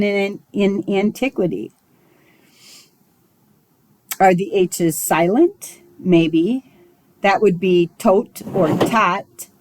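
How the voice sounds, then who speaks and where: Woman, spiritual teacher, recorded lesson, very slow, measured and musing, dry close sound. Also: mid-range voice, warm tone, no echo, rough recording.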